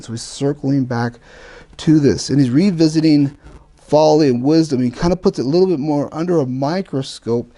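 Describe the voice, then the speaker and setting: A man's voice: fairly high pitch, mellow. A man giving an informal Bible lesson to a class, conversational and repetitive, with frequent fillers and emphatic restatements. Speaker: Bible teacher.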